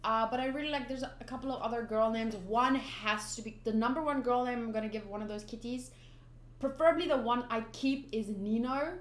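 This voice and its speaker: On her channel, a young woman reads through a manga, chatting casually with lots of ums and giggly asides. She speaks a little fast in a fairly high voice, and the room echoes noticeably.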